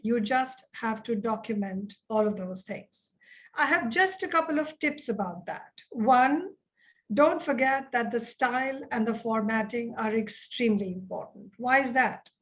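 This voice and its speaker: Measured woman giving an admissions lecture. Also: fairly high pitch, lively intonation, a bit bright. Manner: measured, explanatory, addresses students directly. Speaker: educator and admissions coach. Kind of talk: webinar lecture.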